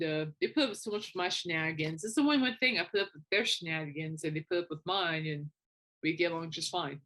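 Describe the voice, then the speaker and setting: Young woman podcaster, casual chatty storytelling, a bit low-pitched. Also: slight background noise. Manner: chatty storytelling with animated quoted asides. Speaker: podcast host. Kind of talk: casual chat.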